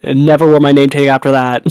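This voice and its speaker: A young man co-hosting a podcast in casual chat, animated, laughing and swearing freely. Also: medium pitch, fairly quick, clear, resonant tone, no room sound. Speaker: podcast co-host.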